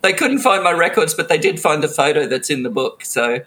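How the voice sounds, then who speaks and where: A woman's voice: deep voice, expressive, a little fast, a bit bright. A middle-aged woman telling stories from her music industry career in a casual interview. She laughs often and drops into quoted voices. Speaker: author and music industry veteran.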